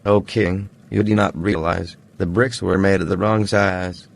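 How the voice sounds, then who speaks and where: A man voicing a group of workmen pleading with the king in an animated story. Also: low voice, unhurried, creaky, full character voice.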